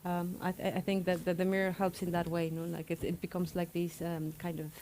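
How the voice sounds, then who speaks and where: A woman's voice: lowish voice, monotone, a little fast, a little mellow, a little hiss or hum. A woman architect speaking at a public panel, hesitant and reflective, with many fillers. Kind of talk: panel discussion. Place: public talk event.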